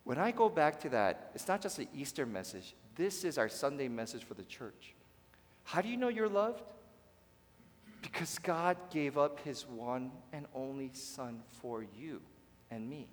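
A man's voice: mid-range voice, animated, unhurried. Man preaching in an echoing church. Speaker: pastor. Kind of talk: sermon. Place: church sanctuary. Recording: long reverb of a large hall.

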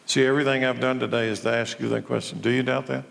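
A man's voice: medium pitch, flat delivery, fast, gravelly, a bit bright. Preaching man in a reverberant hall. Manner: repeated rhetorical questions, building to raised, emphatic delivery. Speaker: pastor. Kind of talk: sermon. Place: church service with a live audience.

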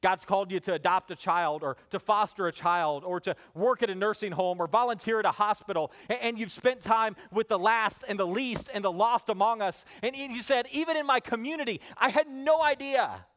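A man, a father, preaching a sermon in church, building with emphatic repeated phrases, then dropping to hushed, slow lines. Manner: dynamic preaching, rising emphatic repetition then hushed low endings. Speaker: pastor.

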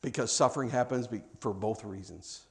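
A man preaching a sermon, swinging from hushed, reflective stretches to loud, impassioned ones. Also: lowish voice, fairly quick.

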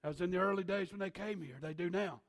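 A male pastor preaching a sermon, emphatic, swinging from shouted lines to hushed asides. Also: high-pitched, fast.

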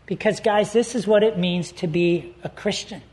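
Speaking at an even pace in a high voice, this male pastor shares a funny story from his own life and plays out each character's lines. He laughs readily, animating the tale before he turns to scripture.

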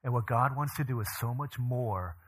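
A man's voice: medium pitch, moderate pace, slightly rough. A man preaching a sermon, telling a personal story with animation and acting out the people he quotes. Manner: animated storyteller who acts out quoted voices. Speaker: pastor.

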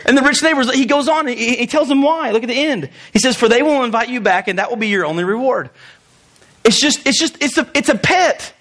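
High-voiced male pastor preaching conversationally. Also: brisk, a bit bright. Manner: conversational, acts out quoted voices, chuckles. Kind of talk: sermon.

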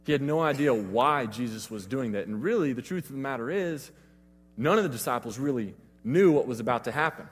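Husky-voiced man preaching in a reverberant hall. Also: medium pitch, expressive, fairly quick. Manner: casual, conversational retelling of scripture. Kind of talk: sermon.

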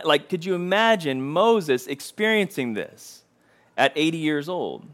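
A man's voice: on the high side, very animated, slow, long pauses, fairly bright tone. A man preaching a sermon in a conversational way, acting out quotes with rising intensity.

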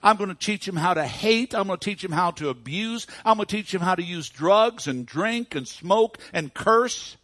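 A man's voice: medium pitch, normal speed, breathy edge, no echo. A man voicing a gloating male devil who brags about ruining people. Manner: gloating and taunting.

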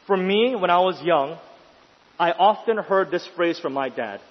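A man with a fairly high, husky voice delivers a sermon in a large hall with a long reverb. He swings between urgent, rising questions and quiet, hushed stretches. The sound is dull and lo-fi. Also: moderate pace. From New York City. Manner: emphatic, rising to intense questions then dropping quiet. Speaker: pastor.

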